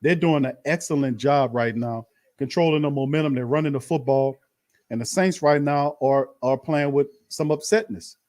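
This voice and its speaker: A man hosting a fan watch party, calling plays in a slangy, animated way and talking to his chat. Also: mid-range voice, moderate pace. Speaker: fan host doing live play-by-play. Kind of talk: excited watch-party commentary.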